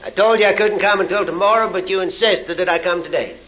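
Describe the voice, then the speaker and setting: A man's voice: high-pitched, fast talker, lightly acted. A man playing an exasperated plumber who spells things out at a locked door, on a dull old tape. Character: exasperated middle-aged male plumber at a door. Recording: dull 1970 tape with faint hiss.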